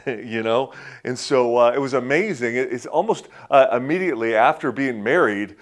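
A man's voice: mid-range voice, normal speed. A man in his fifties preaching a conversational sermon, telling personal stories in a folksy way with many restarts and chuckles. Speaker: pastor.

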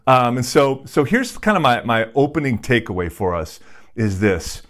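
Hombre predicando con tono conversacional. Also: male voice, mid-range voice, big pitch swings, normal speed. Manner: conversational, self-deprecating preaching with props and acted-out quotes. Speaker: pastor. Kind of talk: sermon.

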